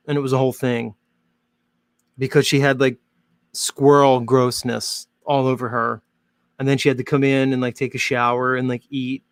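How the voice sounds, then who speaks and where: A man hosts his show in a casual, joking monologue, wandering from thought to thought with plenty of fillers. His voice has a gravelly, fry-tinged texture. The sound is dry and close, with no room echo. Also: mid-range voice. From Northern Hemisphere. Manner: chatty, rambling, jokey, many "like" fillers. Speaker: host.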